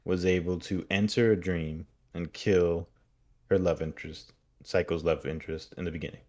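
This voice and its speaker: A man's voice: low-pitched, fairly even intonation, moderate pace, darkish tone. A man co-hosting a podcast in casual chat, giving wry, critical commentary. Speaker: podcast co-host.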